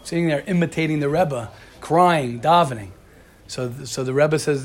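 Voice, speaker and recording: Animated man teaching a class. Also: fairly high pitch, normal speed, slight background noise. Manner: animated storyteller, addresses students by name. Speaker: teacher of a religious study class. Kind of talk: casual classroom lecture.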